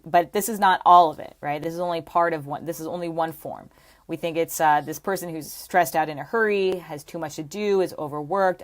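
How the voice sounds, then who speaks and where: Emphatic low-voiced woman fitness coach. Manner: emphatic, repeats points with frequent "okay?" and "right?". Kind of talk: teaching to camera.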